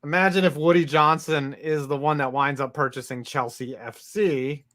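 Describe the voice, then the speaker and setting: A man's voice: fairly high pitch, fairly even intonation, normal speed, a bit bright. Casual, joking sports-podcast man. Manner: loose, swearing, jokey asides. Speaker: podcast co-host reading listener comments.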